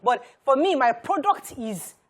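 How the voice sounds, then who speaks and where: Woman, talk show host, slightly high voice, probing questions, stumbling repeats. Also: animated, unhurried. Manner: probing, repeats words while posing questions. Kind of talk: studio panel discussion.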